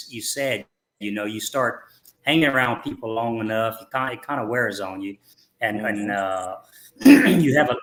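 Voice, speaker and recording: A man with a Ville Platte Cajun accent, a guest on a podcast, talking in a relaxed, halting way with frequent repeated words. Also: mid-range voice. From Ville Platte, Louisiana. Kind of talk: casual chat. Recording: echoey room.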